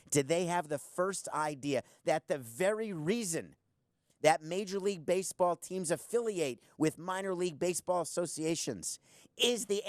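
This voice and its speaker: A man's voice: a little high, no room sound, studio quality. A man hosting a podcast in blunt, sarcastic solo commentary, firing off rhetorical questions. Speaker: podcast host.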